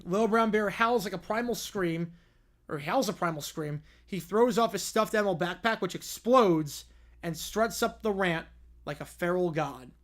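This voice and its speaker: A high-pitched male streamer narrating fan stories aloud, snapping between the story and his own quick reactions. The delivery is animated and brisk. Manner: quick, animated reading with asides. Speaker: livestream host. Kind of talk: reading viewer stories with commentary.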